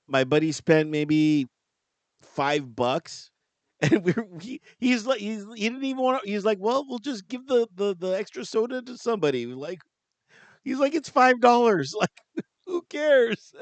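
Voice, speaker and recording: Laughing, chatty man with a high voice. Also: a little slow, no echo. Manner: laughs often, tells animated stories with acted-out quotes. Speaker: podcast co-host. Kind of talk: casual chat.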